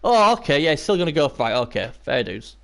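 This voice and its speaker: Hoarse, excitable male game caster. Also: brisk. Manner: excitable, bursts into high yelps and cheers; chatty, talks to viewers and chat by name. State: hoarse, losing his voice. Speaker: live stream commentator. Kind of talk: casual video game commentary.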